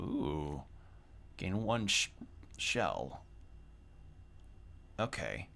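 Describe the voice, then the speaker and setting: Male streamer, gameplay commentary, unhurried, lively pitch. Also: vocal fry. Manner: muttering as he reads game text aloud.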